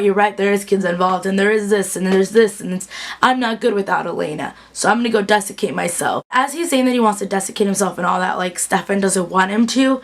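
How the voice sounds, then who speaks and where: Chatty young woman recapping a show. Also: mid-range voice. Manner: chatty and bubbly, many fillers, acts out quotes. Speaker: TV recap vlogger. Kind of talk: casual chat.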